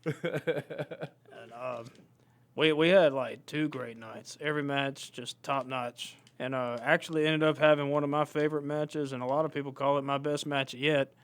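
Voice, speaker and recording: A man co-hosting a casual podcast, speaking in a measured, easygoing way with frequent filler pauses. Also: mid-range voice, steady tone. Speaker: podcast co-host and indie wrestler. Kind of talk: casual chat.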